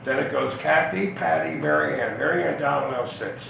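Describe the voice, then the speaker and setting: A man's voice: mid-range voice, sing-song, a little fast, vocal fry, fairly bright tone. A middle-aged man telling rambling, profane stories in a casual interview, with lots of restarts. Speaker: rock singer being interviewed. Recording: echoey, from far off, noisy ambience.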